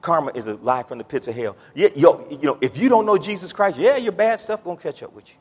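High-voiced preacher in an echoey church. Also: male voice, expressive, fast, breathy edge. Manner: builds from low talk to shouted pleading prayer; Southern-style preaching cadence, says y'all. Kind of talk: sermon. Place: church sanctuary.

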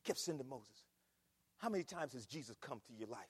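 A middle-aged man preaching a sermon in a church, swinging between shouts and hushed, emphatic lines. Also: medium pitch, animated, a little fast, slightly rough. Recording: long reverb of a large hall.

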